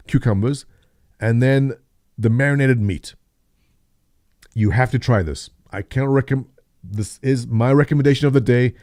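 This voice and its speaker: A man's voice: medium pitch, dark tone, no room sound, clean studio sound. A man in his thirties, host of a livestream, chatting casually and jokingly, answering viewers by name. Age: 30s. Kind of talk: casual chat with live chat readers.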